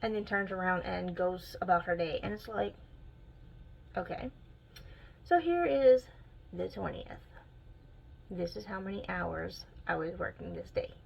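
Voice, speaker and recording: Exasperated young woman with gravelly voice. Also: lo-fi sound, slight background noise. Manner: animated, exasperated storytelling with sudden pitch jumps. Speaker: vlogger. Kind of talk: casual storytelling vlog.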